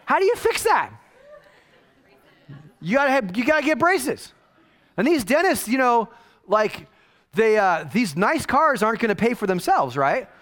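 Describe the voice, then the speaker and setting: A man in his forties gives a loose, conversational sermon, his voice pitched high and swinging widely up and down. He jokes and drops into quick mock-quoted asides as he talks to his congregation. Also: sing-song, fairly bright tone. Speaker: pastor. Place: church.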